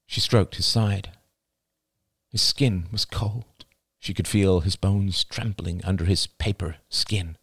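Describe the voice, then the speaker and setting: A man narrating an audiobook chapter in an expressive, dramatic reading style. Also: deep voice, slow pace, husky, no echo, studio quality. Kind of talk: scripted narration.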